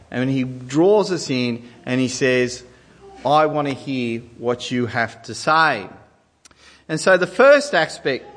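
A man's voice: fairly high pitch, long reverb tail. A man in his forties preaching a sermon, telling family stories with self-deprecating humour. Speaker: pastor.

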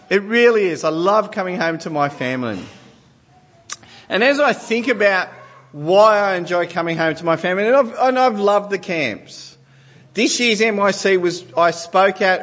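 Male preacher, forties, storytelling sermon, raised pitch, reverberant hall. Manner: warm storytelling, self-deprecating humour. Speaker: pastor.

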